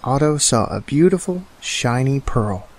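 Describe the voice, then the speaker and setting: A man narrating a children's bedtime story in a slow, calm and soothing way. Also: mid-range voice. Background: soft music.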